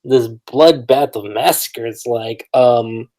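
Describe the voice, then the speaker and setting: This is a man chatting as a podcast host in an easygoing, excitable way. He trips over his words and restarts often, breaking into laughter between thoughts, with a voice at an ordinary middle pitch. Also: slow, low-quality recording. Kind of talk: casual podcast discussion.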